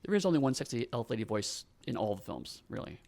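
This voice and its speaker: A man with a lively, rising and falling pitch chimes in with plot explanations and sarcastic jokes. He talks casually with his co-hosts into a podcast mic. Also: fast, gravelly. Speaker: podcast co-host. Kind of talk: casual movie commentary chat.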